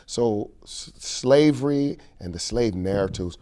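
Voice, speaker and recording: Deep-voiced man telling stories. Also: expressive, a little slow, dark tone. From St. Louis, Missouri. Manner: storytelling, repeats phrases for emphasis. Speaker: keynote speaker and King speech performer. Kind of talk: interview conversation.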